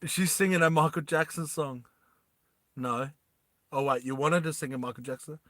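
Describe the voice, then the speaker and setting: A man casually retelling a movie plot, animated and rambling, often laughing. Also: a little high, normal speed, no room sound, clean studio sound. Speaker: storyteller.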